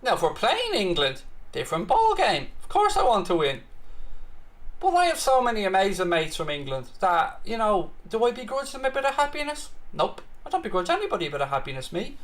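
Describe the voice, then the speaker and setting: An Irish man hosting a live football watchalong, chatty and excitable, swearing freely as he reacts to the match and answers viewers' comments. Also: sits high, brisk. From Ireland.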